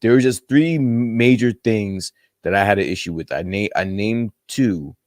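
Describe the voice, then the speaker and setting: A man co-hosting a casual podcast chat, relaxed and swearing casually. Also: fairly low pitch, measured pace, no echo, clean studio sound. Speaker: podcast co-host.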